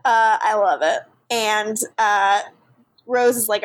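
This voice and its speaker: A woman's voice: medium pitch, steady tone, slow pace, clean tone, poor audio. A woman co-hosting a podcast, recapping a TV episode in casual, giggly chat. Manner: giggly, chatty, recaps scenes with acted quotes. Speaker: podcast co-host.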